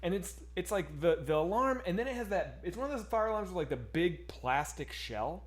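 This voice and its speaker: A man co-hosting a streamed chat show, telling a story in an animated, excitable way and swearing freely. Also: sits high, brisk. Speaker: podcast co-host.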